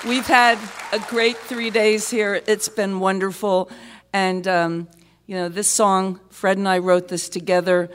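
A woman singer talking to a concert audience between songs, in rambling, halting stage banter full of ums. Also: medium pitch, flat delivery, some chatter behind, a little hiss or hum.

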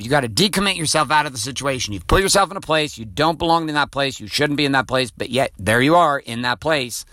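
A man's voice: mid-range voice, bright, forceful tone, dry recording. A middle-aged man hosting a motivational podcast from his car, blunt and profane in a coaching tone. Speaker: podcast host.

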